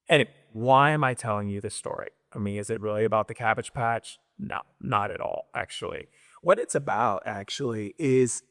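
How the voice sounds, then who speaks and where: A middle-aged man telling a personal story in a rambling, animated way, acting out quoted voices. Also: mid-range voice, big-room sound. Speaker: spiritual speaker.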